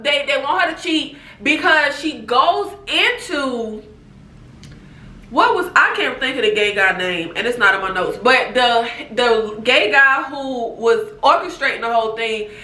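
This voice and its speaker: Sassy woman host, high lively voice, TV recap vlog in an echoey room. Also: measured pace. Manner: animated, sassy, laughs often. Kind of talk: casual review chat.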